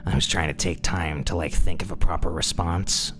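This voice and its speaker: A man plays a worn-out young boyfriend who keeps his voice hushed and half-whispered, pitched extremely deep. The comedic reading has faint music under it. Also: steady tone, normal speed, natural voice. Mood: weary. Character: weary young man answering a clingy partner.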